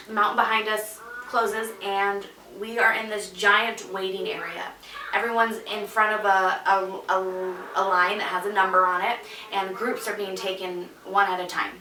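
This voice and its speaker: A woman's voice: mid-range voice, background noise. A woman vlogger casually telling a story, chatty, with many fillers and asides. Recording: echoey room, mic at a distance.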